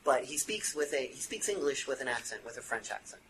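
A man's voice: mid-range voice, expressive, brisk, a bit bright. A man playing a tabletop role-playing game, talking in a hesitant, thinking-aloud way with restarts. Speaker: tabletop player. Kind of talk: in-character role-play with table talk. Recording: home recording with background noise.

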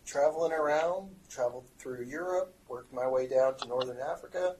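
A man in casual in-character talk during a tabletop role-playing game, relaxed and laughing often. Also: medium pitch, moderate pace, a little hiss or hum, low-quality recording. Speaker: tabletop player.

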